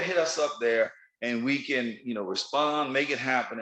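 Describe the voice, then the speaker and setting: A man's voice: medium pitch, fairly bright tone, poor audio. A middle-aged man hosting his own podcast, talking casually and playfully and laughing often. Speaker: podcast host. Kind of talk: casual solo podcast monologue.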